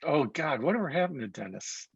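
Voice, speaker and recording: A man's voice: a little high, animated, a little fast, vocal fry, breathy edge, no room sound. A man, a photographer, reminiscing in casual chat over a video call, reflective and chatty. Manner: reflective, chatty, with small restarts. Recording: dull, dry lo-fi audio.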